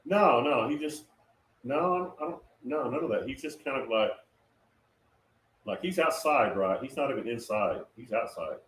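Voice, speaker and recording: A guest tells a casual, rambling story about a prophetic dream, full of fillers and restarts. His voice is mid-range and slightly bright, with lively intonation and a moderate pace. The recording sounds roomy, with a distant mic and faint noise.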